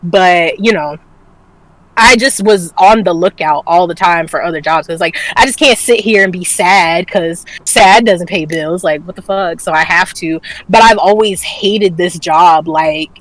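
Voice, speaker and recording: A woman's voice: fairly low pitch, measured pace, a bit bright, dry recording, low-quality recording. A woman co-hosting a casual streamed talk show, telling a personal story candidly, swearing freely and laughing often. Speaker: podcast co-host. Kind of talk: casual chat.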